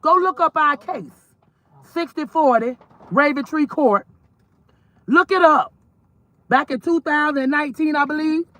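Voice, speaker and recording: A woman's voice: high voice, a little slow, long pauses, fairly bright tone, no room sound. A woman from Georgia, ranting bluntly and profanely about her son in a casual vlog recorded while driving. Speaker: mother vlogger.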